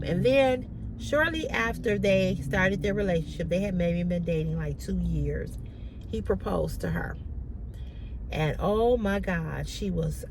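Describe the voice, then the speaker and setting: A woman vlogger telling a personal story in an animated, emphatic way, repeating her key lines. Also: on the low side, gravelly, noisy background.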